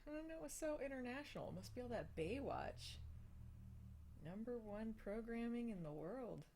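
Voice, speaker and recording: A woman's voice: on the high side, lively intonation, normal speed, dark tone, slight background noise. A young adult woman hosting a casual live stream, answering viewer questions with frequent laughs, fillers and restarts. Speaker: host of a live hangout.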